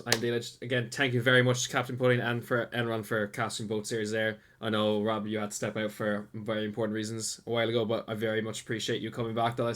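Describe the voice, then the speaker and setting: A man hosting an esports final, wrapping up in a relaxed, friendly way with halting restarts. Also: medium pitch. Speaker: esports caster and host. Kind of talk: casual post-match commentary.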